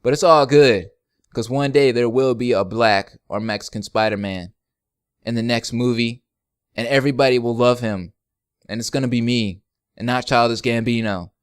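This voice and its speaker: A man's voice: medium pitch, moderate pace, smooth, no room sound, clean studio sound. A young man hosting a casual question-and-answer vlog for his gaming channel, joking and rambling with frequent laughs. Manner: laid-back, joking, rambling, laughs often. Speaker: YouTube gaming channel host.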